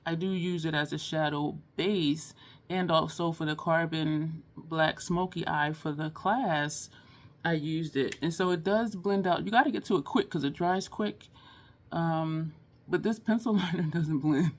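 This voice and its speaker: At home, a beauty vlogger films a casual makeup tutorial, chatting with viewers she calls "y'all," laughing often and getting teary-eyed. Her voice is low and her pace measured.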